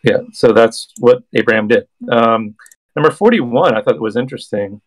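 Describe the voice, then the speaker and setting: A man co-hosting a scripture study show, comparing verses in a relaxed, conversational way. He pauses on frequent ums between points, at a middle pitch. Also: rough recording. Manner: relaxed, many ums, reads passages aloud. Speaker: podcast co-host. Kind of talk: casual scripture discussion with read-aloud verses.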